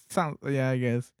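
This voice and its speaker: Male co-host, laid-back, mid-pitch, quick reactions, dry close sound. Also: a little mellow, smooth, no room sound. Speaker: podcast co-host. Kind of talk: casual chat.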